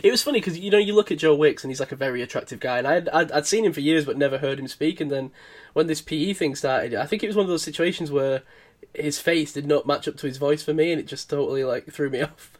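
A man's voice: a little high, fast. Teasing, upbeat podcast host man. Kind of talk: casual chat.

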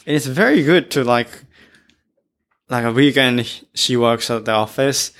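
Man, casual podcast co-host, warm agreeable backchannels. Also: mid-range voice, measured pace. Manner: agreeable, frequent "yeah, yeah" backchannels. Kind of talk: casual chat.

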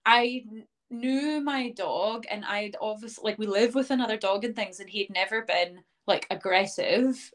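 A woman's voice: mid-range voice, moderate pace. A young woman guest in an interview, telling her story in a casual, chatty way, full of "um" and "like" and quoting what others said. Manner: chatty, many fillers like "um" and "like", acts out quoted speech. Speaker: interview guest, dog owner.

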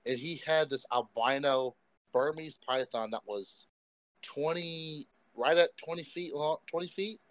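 A man's voice: fairly high pitch, unhurried, a bit bright, no echo. A man in casual chat, chiming in with short reactions and his own stories.

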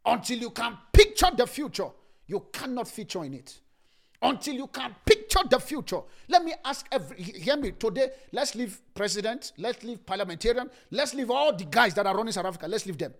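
A male preacher delivers a sermon in a high, animated voice. He repeats key lines for emphasis and swings from loud declarations to hushed asides. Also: a little fast, gravelly. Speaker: pastor.

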